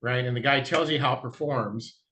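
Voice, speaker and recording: A male diamond dealer, appearing as a guest in a casual interview, shares anecdotes and performs both sides of each exchange, clearing his throat occasionally. His medium-pitched voice moves fairly quickly with a bright, forceful tone.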